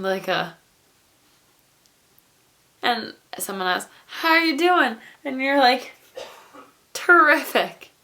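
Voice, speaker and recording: A woman's voice: mid-range voice, gravelly, a bit bright. A woman who grew up on a farm gives a casual book review for her vlog, chatty and digressive with wry asides. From rural farm upbringing.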